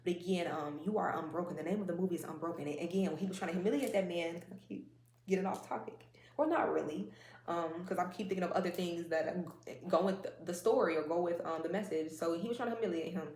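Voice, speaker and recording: A woman with a lowish voice gives a casual oracle card reading, rambling and conversational, full of fillers and side remarks. Her voice sounds roomy and echoey, with faint noise behind. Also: quick pace, darkish tone.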